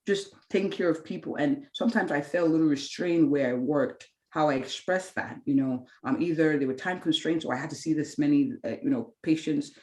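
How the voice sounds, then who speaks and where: A woman's voice: deep voice, fairly quick, few pauses, darkish tone, roomy sound. A woman in her thirties, a physician and clinic founder, tells her story with candid earnestness in an interview and acts out her own past thoughts. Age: 30s.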